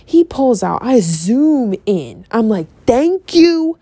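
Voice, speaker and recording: A young woman telling a rant-style story as a vlogger, profane and animated, with laughing asides and exasperated outbursts. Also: mid-range voice, slow, husky, dry recording. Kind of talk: ranting storytime.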